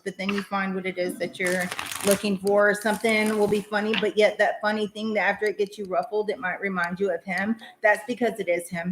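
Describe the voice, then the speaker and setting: A woman's voice: mid-range voice, noisy background. Chatty woman in an echoey room. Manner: chatty, rambling, many fillers. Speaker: tarot reader hosting a live stream. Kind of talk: casual live-stream reading.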